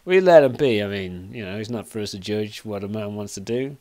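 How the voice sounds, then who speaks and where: A man voicing a shifty male barman in a seedy tavern, talking low and confidingly. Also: expressive, a little fast, darkish tone, close to an everyday voice. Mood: conspiratorial.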